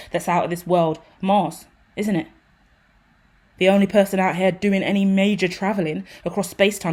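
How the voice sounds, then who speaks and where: A woman's voice: fairly low pitch, slight background noise. A woman giving an improvised tarot reading, rambling and intense, swearing freely as she talks. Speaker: tarot reader.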